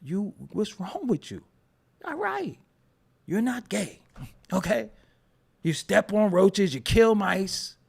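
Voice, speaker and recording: A man's voice: sits high, very animated, slow, vocal fry, pauses often, a little mellow, breathy edge. A man hosting a casual livestream, ranting at his chat in a profane, mocking way. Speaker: show host.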